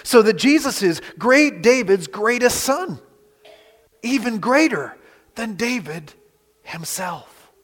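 A man with a Western Pennsylvania accent, preaching a sermon as pastor, animated with rhetorical questions and dramatic pauses. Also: very high-pitched, in a large hall. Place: church sanctuary.

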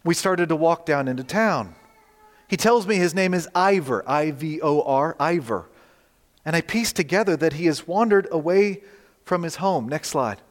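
Male pastor, storytelling sermon, slightly high voice, long hall reverb. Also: normal speed. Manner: storytelling, conversational, animated in quoted dialogue. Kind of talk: sermon with slides.

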